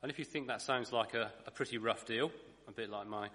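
A man's voice: medium pitch, a little fast, pushed and bright, in a large hall. A man giving a sermon, thoughtful, with dry asides and the odd self-correction. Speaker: preacher.

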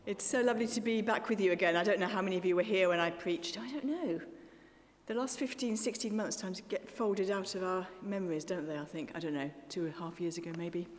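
A woman, a guest preacher delivering a sermon with expressive, rising questions that fall away to soft endings. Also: lowish voice, fast, few pauses. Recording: church with long reverberation.

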